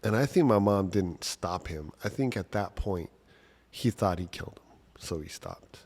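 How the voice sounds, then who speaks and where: A man's voice: deep voice, lively intonation, measured pace, darkish tone, husky. A man casually telling a personal story from childhood, talking conversationally with lots of "like" and "right?".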